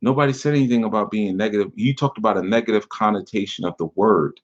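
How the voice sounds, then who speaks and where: A fast-talking man with a lowish voice, teaching on spiritual topics, takes on a viewer who criticized him, reading the comment and scorning it sarcastically. Audio is dull and lo-fi.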